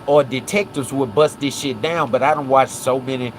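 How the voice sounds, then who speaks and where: Casually livestreaming, a man from Memphis breaks down a case in a medium-pitched voice at normal speed. His manner is animated, with frequent check-ins of "right?" and "watch this," and slight background noise.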